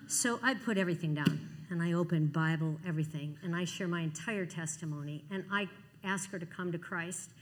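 A woman in her sixties giving a lively testimony sermon, acting out the people in her stories. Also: lowish voice, a little fast, big-room sound. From Cleveland. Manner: animated storytelling, acting out dialogue. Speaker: Christian speaker.

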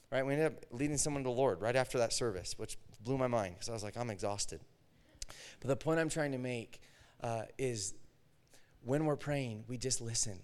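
A man preaching a sermon, telling a personal story with animated delivery and acting out the dialogue. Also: medium pitch. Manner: animated storytelling, acts out his own and God's words.

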